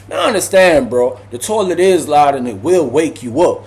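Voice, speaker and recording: A man spinning a casual prison storytime in a slightly higher-pitched voice. He talks in loose slang, is animated, and jumps into voices for everyone he quotes. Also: normal speed, hardly any pauses.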